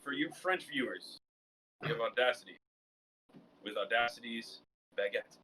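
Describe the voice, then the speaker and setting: A man's voice: mid-range voice, lively intonation, moderate pace, pushed and bright, husky, rough recording. A man hosting a podcast in casual chat, punchy as he introduces segments.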